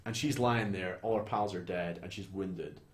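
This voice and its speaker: A young Scottish man recapping a film in casual chat, animated, swearing freely and acting out lines from scenes. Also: low voice, normal speed. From Scotland. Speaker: podcast co-host. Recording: roomy echo.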